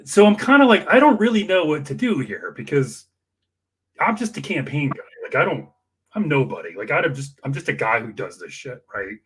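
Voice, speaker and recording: A man telling a long personal anecdote in an emotional, animated way, acting out the people in it. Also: a little high, a little fast, slightly rough. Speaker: campaign worker guest. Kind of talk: storytelling anecdote.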